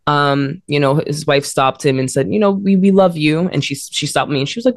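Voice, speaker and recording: A woman guest in a conversation, telling a personal story with frequent restarts and laughter, jumping up in pitch to act out what people said. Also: brisk, creaky, hardly any pauses, dry recording, clean studio sound. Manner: animated, acts out quotes in a higher voice, frequent restarts and laughter. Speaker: interview guest.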